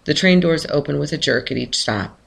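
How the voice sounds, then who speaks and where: A man calmly reading a first-person short story aloud in a measured way. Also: a little high, gravelly. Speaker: narrator.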